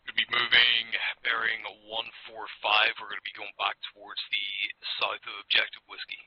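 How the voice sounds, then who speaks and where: A man's voice: on the low side, monotone, normal speed, a little hiss or hum. A man leading a squad in a military sim game, giving terse radio callouts, often in a whisper. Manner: clipped, often whispered orders. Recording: muffled voice chat with faint gunfire.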